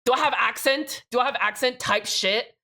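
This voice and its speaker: A woman's voice: fairly high pitch, moderate pace, gravelly, bright, forceful tone. A young woman streaming live, chatting loosely with her viewers and swearing freely while she builds a keyboard. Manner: chatty, rambling, swears freely, addresses chat directly. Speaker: livestreamer.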